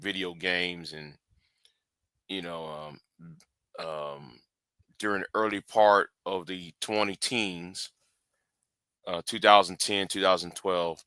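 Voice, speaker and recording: A tired man hosting a casual live stream after work, rambling and halting with many fillers and restarts. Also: deep voice, sharp tone, smooth, dry recording.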